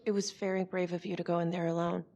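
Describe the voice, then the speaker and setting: An actress playing a composed female district attorney who asks calm, formal questions. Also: on the low side, fast talker, lo-fi sound. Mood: probing.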